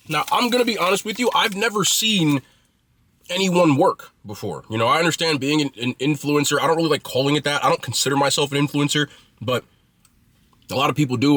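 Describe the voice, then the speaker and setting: A man's voice: mid-range voice, sharp tone, a little hiss or hum. A man casually reviewing food he is eating, chatty and blunt, with loose slangy talk.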